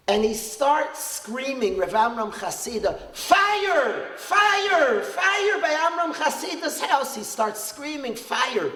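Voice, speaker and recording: A high-voiced man, a rabbi, lecturing and telling a story with an animated, emphatic delivery. His voice rings through a large hall with a long reverb. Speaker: rabbi and educator giving a talk. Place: community event hall. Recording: echoey hall.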